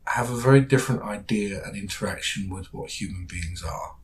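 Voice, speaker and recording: A man's voice: lowish voice, fairly quick, rough recording. Dry British man chatting casually. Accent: British English. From England. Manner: dry, self-deprecating, trails off quietly. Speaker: podcast co-host. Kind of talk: casual chat.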